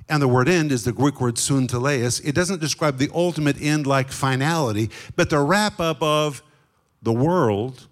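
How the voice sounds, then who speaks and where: Emphatic middle-aged man preaching. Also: fairly high pitch. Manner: emphatic, deliberate, slows on key words. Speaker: guest Bible teacher. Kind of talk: sermon.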